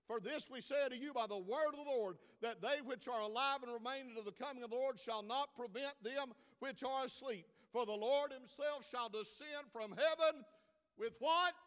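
A preacher with a very high, bright voice delivering a sermon. He builds from quiet storytelling to dramatic loud peaks, and his words ring out with a long hall reverb. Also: normal speed, smooth. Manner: preaching with dramatic rises in volume.

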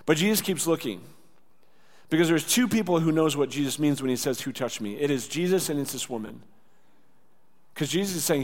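A man preaching a sermon in a casual, conversational way. He acts out quoted lines and drops to a soft voice for tender words. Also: a little high, animated, a little fast, long pauses. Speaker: pastor. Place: church sanctuary. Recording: church hall with long reverb.

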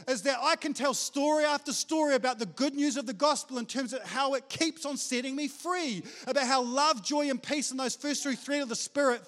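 A pastor with a very high voice preaches in an energetic, chatty style, teasing himself and throwing in slang like "bro" and "mate." His words echo with a long reverb, as if in a large hall.

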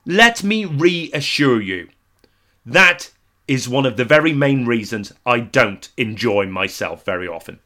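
A man in his forties performing a self-deprecating comic monologue, deadpan with sudden exaggerated outbursts. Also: medium pitch, unhurried. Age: 40s. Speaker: comedian.

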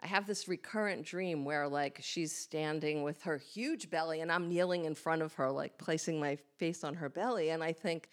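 A woman with a low voice speaks at a normal pace, telling a live audience in a small hall a candid story that makes fun of herself. Along the way she acts out what she was thinking.

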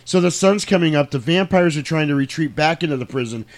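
A man's voice: on the high side, quick pace. A man in casual chat, animatedly retelling a movie's plot with plenty of swearing and laughter. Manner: animated, profane, laughs while telling.

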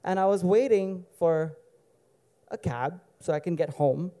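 A man's voice: high-pitched, a little slow, warm tone. A man from Dubai telling a personal story to an audience in a casual, digressive way with wry asides.

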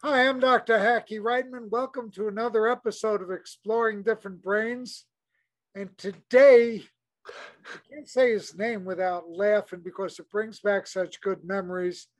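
A man in his sixties hosting an interview, jovial and halting, with many fillers. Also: high-pitched, fairly even intonation. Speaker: podcast host. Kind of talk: casual interview.

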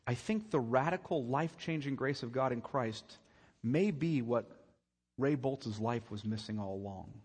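A man's voice: medium pitch, expressive, normal speed, darkish tone, slightly rough. A male pastor preaching a sermon, emphatic, repeating phrases and pressing his listeners with rhetorical questions. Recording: long reverb of a large church hall.

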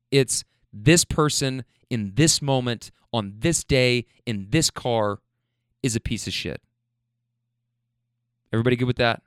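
A man's voice: medium pitch, clean tone, no room sound, studio quality. A man, a rideshare driver, telling a story in a blunt, profane, rambling way. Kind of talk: casual storytelling.

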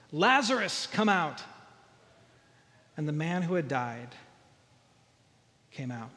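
A man's voice: a little high, fairly bright tone, in a large hall. A man preaching a sermon, earnest, often repeating words and building to emphatic peaks. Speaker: pastor.

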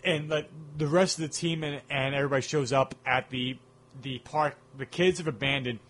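A man's voice: medium pitch, moderate pace, a bit bright, slight background noise. A man co-hosting a casual film chat, rambling enthusiastically and humming music cues. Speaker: podcast co-host.

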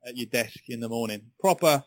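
A man's voice: medium pitch, fairly quick, low-quality recording. A man co-hosting a sports podcast in casual, chatty talk, often repeating his words. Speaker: podcast co-host.

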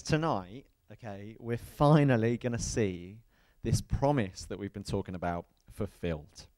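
A man preaching a sermon in a church, telling stories in a lively way and often checking with the congregation. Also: medium pitch. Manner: lively storytelling, asks the crowd "right?". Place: church hall.

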